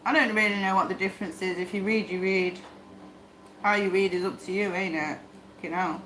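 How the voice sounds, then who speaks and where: A woman's voice: mid-range voice, steady tone, brisk, pushed and bright, slight background noise. A woman reading tarot on a livestream, talking bluntly and swearing as she rambles to herself. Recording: echoey room with faint ambience.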